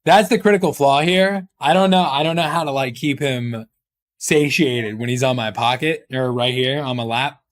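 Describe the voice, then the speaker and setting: A man's voice: medium pitch, normal speed. A man chatting casually on a live stream, rambling and joking with his chat, swearing often.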